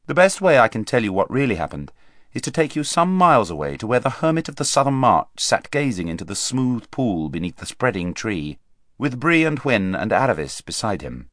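A man narrating an audiobook in an expressive storytelling manner, speeding up and slowing down with the action. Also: medium pitch, dry recording, clean studio sound. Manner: expressive storytelling, varied pace.

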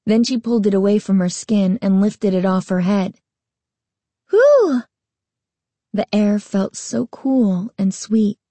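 A woman narrating a storybook aloud with a slow, even reading. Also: medium pitch, dry recording.

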